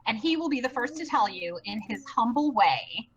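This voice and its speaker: A woman chatting excitedly on a live stream, bubbly and rambling, with many fillers and restarts. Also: a little high, normal speed, muffled recording, slight background noise. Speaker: live stream co-producer and host.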